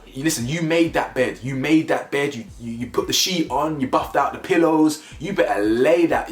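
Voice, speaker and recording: A man's voice: fairly high pitch, a bit bright. A young man reviewing a reality show in an emphatic, slangy rant, repeating words for stress. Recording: echoey room with faint music.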